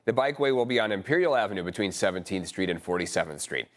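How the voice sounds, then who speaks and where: A male morning news anchor with an American accent, reading stories in a measured, even way. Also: sits low.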